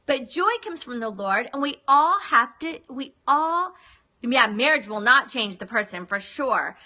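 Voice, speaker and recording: Woman, high-pitched and earnest, talking as a relationship counselor on a phone stream with a sharp, ringing tone. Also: animated, measured pace. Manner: earnest, chatty, repeats words for emphasis. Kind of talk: live-streamed advice talk.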